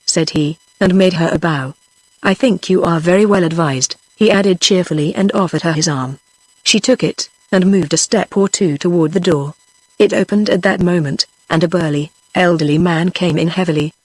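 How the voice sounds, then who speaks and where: A text-to-speech voice of a woman with a British English accent, narrating a historical novel in an even, steady way. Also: lowish voice, moderate pace, dry recording, poor audio. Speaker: audiobook narrator. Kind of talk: synthetic audiobook narration.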